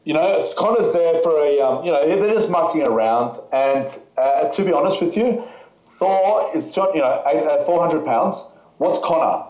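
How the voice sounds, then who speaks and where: A man with a fairly high, expressive, darkish voice speaks frankly as a podcast guest at a moderate pace, rambling with fillers and restarts. The casual conversation is recorded with echoey, slightly dull audio.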